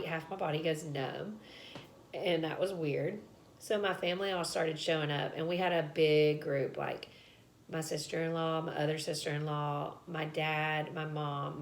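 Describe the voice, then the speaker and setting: A woman's voice: low-pitched, a little hiss or hum. A young woman, telling a personal story to camera in a chatty, casual way, laughing and filling with "like" and "um.". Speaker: vlogger.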